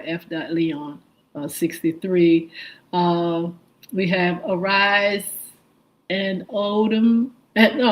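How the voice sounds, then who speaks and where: A woman hosting a live morning stream speaks at a slow, unhurried pace in a mid-range voice. She greets each viewer by name in a friendly way and spells out usernames letter by letter. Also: medium pitch, low-quality recording. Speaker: radio and livestream show host.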